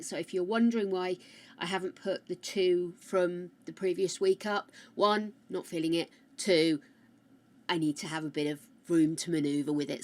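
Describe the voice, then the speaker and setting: Speaking in a fairly low voice, a woman chats loudly and ramblingly with her live-stream audience on a close mic. She greets viewers by name as she goes.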